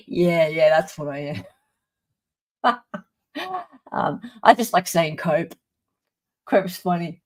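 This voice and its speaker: A woman's voice: lowish voice, expressive, extremely slow, long pauses. A woman with an Australian accent hosting a live stream, chatting casually and laughing often. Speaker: podcast host.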